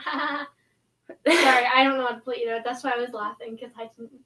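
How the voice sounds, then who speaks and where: A woman off camera making quiet, offhand asides. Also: fairly high pitch, steady tone, fairly quick.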